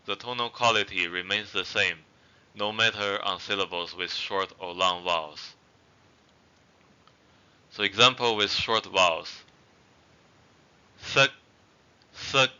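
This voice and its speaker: Slow, bright-toned man teaching a language. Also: sits low, clear, resonant tone, lo-fi sound. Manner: explains patiently with fillers, repeats example words twice. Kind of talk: online language lesson.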